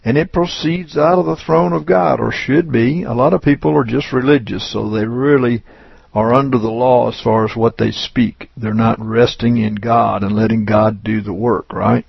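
A man preaching a sermon, reading scripture and teaching with slow, deliberate emphasis on key words. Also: mid-range voice, steady tone, gravelly, husky, no echo, dull audio.

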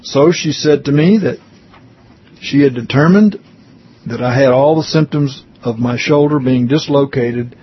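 A man earnestly reading a written testimony aloud, pausing for brief comments of his own. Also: medium pitch, muffled recording, a little hiss or hum.

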